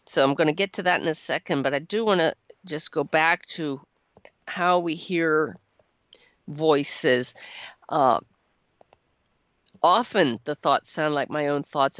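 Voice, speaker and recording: A middle-aged woman hosting a call-in radio show, encouraging and quick to laugh. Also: deep voice, no room sound, lo-fi sound. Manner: warm-voiced, encouraging, laughs often. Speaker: radio show host and channeler. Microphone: studio microphone.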